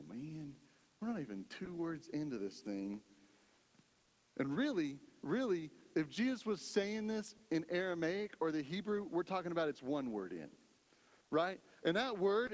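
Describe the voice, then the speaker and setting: A man's voice: fairly high pitch, long reverb tail. A male pastor preaching a sermon in a conversational style, often checking in with the congregation. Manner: conversational preaching, lots of "right?".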